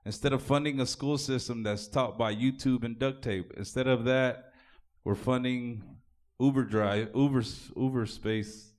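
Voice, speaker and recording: Crude stand-up comic from Texas. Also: male voice, medium pitch, steady tone, a little slow. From Oak Cliff, Texas. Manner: crude, profane, offhand delivery. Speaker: stand-up comedian. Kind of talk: live stand-up set. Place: comedy club stage.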